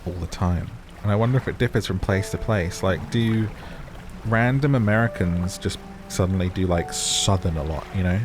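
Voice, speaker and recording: A man's voice: deep voice, moderate pace, music in the background. A man casually commenting on a game as he plays, chatting to his viewers and reacting with sudden startled outbursts. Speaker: gaming channel host. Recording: game sounds loud behind voice.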